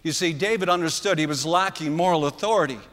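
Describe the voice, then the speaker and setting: A man preaching a sermon, retelling a story earnestly with dramatic pauses. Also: a little high, fairly bright tone. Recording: long hall reverb.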